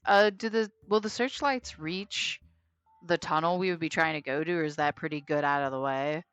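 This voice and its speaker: A woman playing a tabletop game, speaking haltingly with many hesitations. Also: low voice, a bit bright, smooth. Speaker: player. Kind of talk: tabletop role-play chat.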